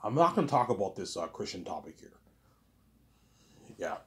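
A man's voice: low voice, very animated, a little slow, long pauses. A young man talking casually to the camera in a rambling, repetitive monologue full of swearing. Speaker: vlogger.

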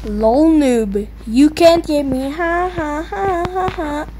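A young woman giving excitable, taunting commentary while playing a video game, yelping and squealing at the action. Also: slow pace. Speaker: gamer. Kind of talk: gameplay commentary. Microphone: low-quality mic. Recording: faint noisy low-quality mic.

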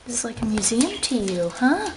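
A woman's voice: mid-range voice, moderate pace, background noise. A woman filming her pet birds at home with a handheld camera, explaining what they do and talking sweetly to them in a sing-song voice. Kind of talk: casual home video narration. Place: home room with a china cabinet. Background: bird chirps and squeals.

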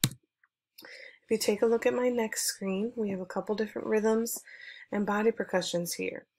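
A woman music teacher giving an online lesson for children, speaking clearly and encouragingly as she leads call-and-response chants. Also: mid-range voice, steady tone, normal speed, a little mellow.

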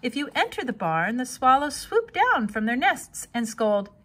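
A woman reading a children's novel aloud with expressive storytelling. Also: high voice, moderate pace. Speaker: reader.

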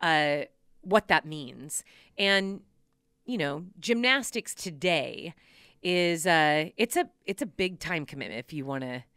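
A woman hosting a podcast, telling personal stories in a casual, animated way and laughing often. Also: low-pitched, slow, clean tone, no echo, studio quality. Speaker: podcast host. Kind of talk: casual storytelling chat.

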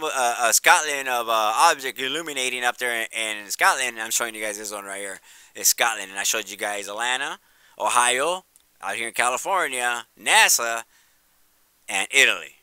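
A man talking casually over his video footage, eager and repetitive as he points things out, then turning soft and apologetic. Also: medium pitch, normal speed, clean tone, no room sound. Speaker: video creator. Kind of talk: casual vlog commentary.

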